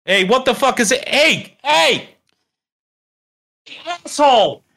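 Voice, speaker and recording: A man putting on an obnoxious, shouting Hollywood star who swears and barks orders. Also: extremely high pitch, very animated, slow, creaky, pitched above the performer's own voice, full character voice. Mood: angry. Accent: British. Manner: yelling, swearing, demanding.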